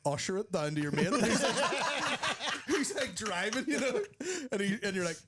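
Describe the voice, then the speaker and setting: Animated man telling crude jokes. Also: high-pitched, normal speed, over a noisy crowd. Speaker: podcast guest. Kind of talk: casual comedic banter. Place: comedy club green room. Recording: loud background noise.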